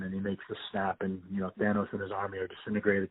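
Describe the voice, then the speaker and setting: A man with a somewhat low voice chats eagerly over a phone line, rambling and restarting his sentences. The sound is dry and thin, like a tinny phone call. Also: level tone, fast, slightly rough, no echo. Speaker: podcast host. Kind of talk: casual phone chat.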